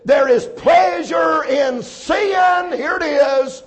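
High-pitched pastor guy, slow preaching, gets shouty and repeats himself for emphasis. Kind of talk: sermon with opening prayer.

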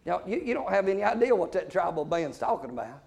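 A preacher man with a very high, strained voice and a gravelly edge. He shouts and fires off his lines at speed, dropping amens between them. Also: very animated. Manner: shouting, rapid-fire with frequent amens. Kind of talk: fiery Pentecostal-style sermon.

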